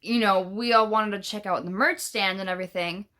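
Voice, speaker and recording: Fairly quick and medium-pitched, her voice pushed and bright, a young vlogger rambles through a storytime indoors at home. She swears casually, with "like" and "bruh" filling her speech.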